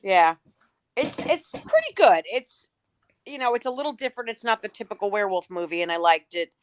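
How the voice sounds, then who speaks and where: A woman describing a film in a casual chat, often pausing and searching for names. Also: mid-range voice, sing-song, dry recording. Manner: hesitant, searching for names, many fillers. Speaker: podcast panelist.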